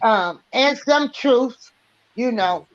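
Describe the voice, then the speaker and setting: A woman on a live stream panel, giving an unhurried, drawn-out recap with fillers in casual talk. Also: fairly high pitch, expressive. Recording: dull, muffled stream audio.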